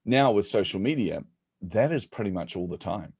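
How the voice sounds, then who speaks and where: Deep, mellow New man, middle-aged, animated storyteller, dry close sound. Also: moderate pace, husky, no echo. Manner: animated, jokey, laughs at own stories. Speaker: guest speaker. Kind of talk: storytelling in conversation.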